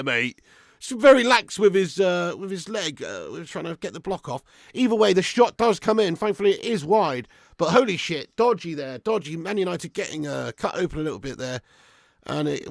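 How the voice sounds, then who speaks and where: A man hosting a live football watch-along, commentating on play and chatting with viewers. He swears a lot and swings between excited shouting and flat grumbling. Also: sits high, dry recording, studio quality. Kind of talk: live match commentary and fan chat.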